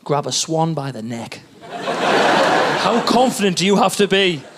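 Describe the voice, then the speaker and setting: A man doing a stand-up set on stage, telling stories in an animated, exclamatory way and swearing freely. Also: on the high side, measured pace, very noisy. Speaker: stand-up comedian. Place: comedy stage.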